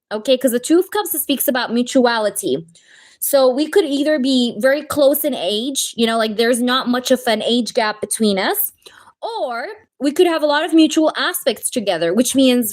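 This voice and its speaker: A woman giving a live-stream tarot reading, chatting with viewers and speaking in the first person for the person in the cards. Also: high-pitched. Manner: chatty, talks to chat, speaks as the twin flame in first person. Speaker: tarot reader.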